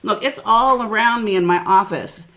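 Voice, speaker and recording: A middle-aged businesswoman who works as a coach runs a motivational webinar, energetic and preachy, addressing listeners by name. Her pitch is medium and her speed normal, and a loud crowd can be heard.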